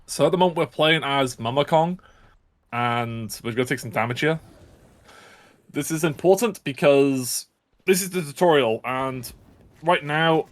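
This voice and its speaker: A man's voice: on the high side, a little slow, pauses often. Jokey upbeat speedrunner guy. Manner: jokey, upbeat, self-aware. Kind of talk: casual live commentary over gameplay.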